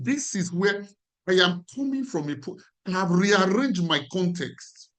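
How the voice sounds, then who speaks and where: A man's voice: high-pitched, a bit bright. A man with a Nigerian accent, a life coach teaching a class in an emphatic way and repeating his key phrases.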